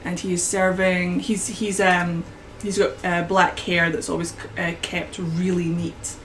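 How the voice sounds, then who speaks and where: A woman narrating a tabletop game as game master, painting scenes at an unhurried pace with frequent restarts. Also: fairly low pitch, level tone, slight background noise, low-quality recording.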